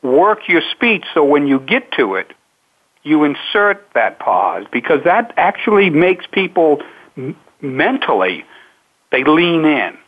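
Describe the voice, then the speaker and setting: A man guest explains his craft at a slow, measured pace, pausing often between thoughts. His voice comes through a thin, narrow phone line, like a call patched into a radio show. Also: on the high side, very animated. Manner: measured, unhurried explanations with many pauses. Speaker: speaking coach, interview guest. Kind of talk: radio interview answers.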